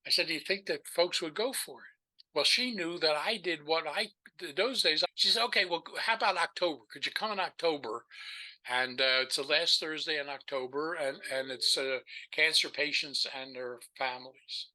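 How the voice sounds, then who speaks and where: Bright, animated older male storyteller. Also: fairly high pitch, moderate pace, low-quality recording. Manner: animated, rambling storyteller with restarts. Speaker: podcast guest. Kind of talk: storytelling in a casual chat.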